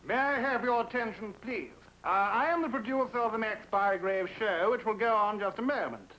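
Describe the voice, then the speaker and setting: A man's voice: sits high, moderate pace, bright, forceful tone, low-quality recording. A man making a polite, formal studio announcement to an audience. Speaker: producer and announcer. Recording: old TV audio with faint hiss.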